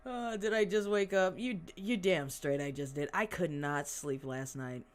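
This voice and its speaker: Podcast host, sarcastic, mocking, swears a lot, reads news with snarky asides, mid pitch. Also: measured pace, hardly any pauses. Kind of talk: casual commentary on news articles.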